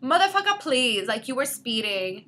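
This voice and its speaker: Bright, lively woman telling a story. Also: high-pitched, moderate pace. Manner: animated, acts out quotes with shifting voice. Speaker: podcast co-host. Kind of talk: casual storytelling chat.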